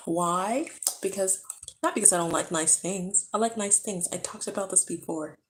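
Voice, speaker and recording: A tired woman vlogging from home, chatting to the camera in a hushed, low voice so she does not wake a sleeping baby. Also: lively intonation, normal speed, rough recording. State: tired from being awake too long. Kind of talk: casual chat to camera. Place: home, indoors. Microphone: camera close up.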